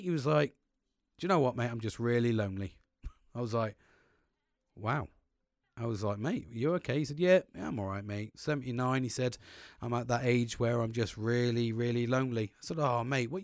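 Young man, podcast host, casual and sweary, medium pitch, dry close sound. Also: no echo. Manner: sweary, frank, conversational. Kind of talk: casual solo podcast monologue.

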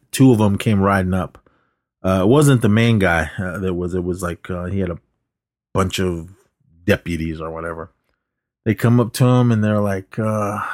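A man's voice: deep voice, a little mellow, no room sound, clean studio sound. A man co-hosting a podcast, loosely retelling a movie scene with lots of "uh" and acted-out quotes. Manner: rambling retelling with filler words and quoted lines. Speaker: podcast co-host. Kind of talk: casual film recap.

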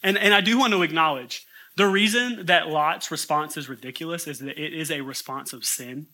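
A man preaching a sermon to his church, reading scripture aloud and breaking into animated, incredulous asides. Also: fairly high pitch, brisk. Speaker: pastor.

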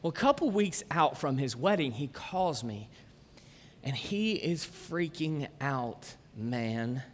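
A man's voice: medium pitch, very animated, takes it slowly, slight background noise. A man, preaching a casual, conversational sermon full of jokes and chatty asides. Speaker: pastor. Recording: long church-hall reverb.

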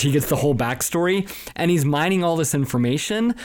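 Guy on a movie podcast, gets animated retelling scenes, does little voices, laughs a lot. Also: on the high side, fairly quick, few pauses. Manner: animated, acts out quoted dialogue, laughs often. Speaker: film podcast co-host. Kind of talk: casual film discussion.

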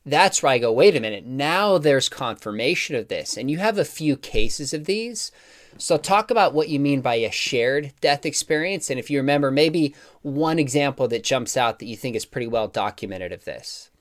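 A man's voice: mid-range voice, lively intonation, normal speed. A man hosting an interview, asking questions in a friendly, chatty way. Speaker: host. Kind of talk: conversational interview.

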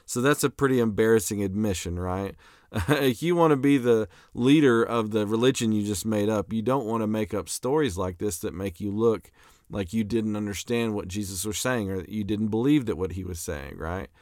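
Casting: young man, lowish voice, relaxed lecturer, lots of "uh" and restarts, dry close recording. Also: normal speed, no echo. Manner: conversational with frequent fillers and restarts, reads scripture aloud. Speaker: apologetics lecturer.

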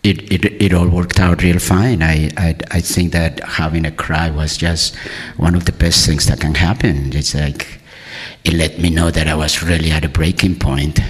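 A man's voice: extremely low pitch, fairly even intonation, moderate pace, slightly rough, in a large hall. A man telling a personal story in a candid, rambling, self-amused way.

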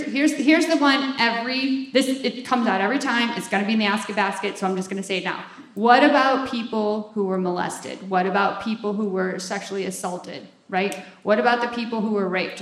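Frank woman in a roomy echo. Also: mid-range voice. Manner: frank, self-mocking, emphatic with frequent "right?". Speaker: recovery program speaker. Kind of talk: candid talk on recovery. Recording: roomy echo, faint ambience.

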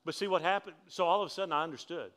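A man preaching to his congregation with a voice that sits a little on the high side. He tells stories in a relaxed, chatty way, then pushes up in pitch and force when he drives a point home. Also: racing. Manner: animated storytelling, climbs in pitch and force for emphasis; conversational, humorous asides to the congregation. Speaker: pastor. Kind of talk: sermon.

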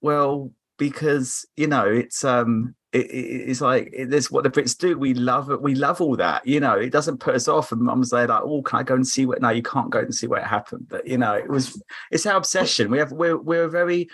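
This podcast guest, an Englishman with a South London accent, tells stories in casual conversation and acts out quoted voices. His voice is mid-range, husky, and a bit bright, at a moderate pace.

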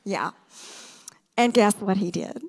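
A woman's voice: mid-range voice, slow pace, creaky, darkish tone, slightly rough. A middle-aged woman giving a sermon as a guest speaker, telling stories in a conversational way with lots of asides and rhetorical questions. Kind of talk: storytelling sermon. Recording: reverberant hall.

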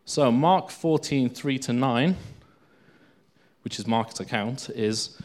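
A man's voice: medium pitch, takes it slowly. A man giving an informal Bible teaching, reading scripture aloud between unscripted remarks full of fillers and restarts.

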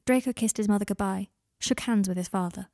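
A woman reads a story aloud with an even, intimate manner. Her voice sits at a middle pitch and the recording is close and dry, with no room sound. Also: a little fast, no room sound. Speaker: narrator. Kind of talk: audiobook fan fiction reading.

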